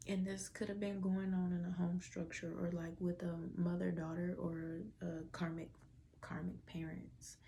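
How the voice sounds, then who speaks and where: Woman, tarot reader, stuffy nose, mellow dark tone, faint room hiss. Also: fairly low pitch, level tone, moderate pace, few pauses. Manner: drawling, filler-heavy, breaking into whispers. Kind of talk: casual tarot reading to viewers.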